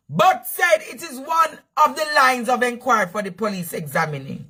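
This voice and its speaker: A Jamaican man hosting news commentary, shouting and repeating phrases for emphasis in a fiery rant. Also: very high-pitched, animated, moderate pace, hardly any pauses, slightly rough.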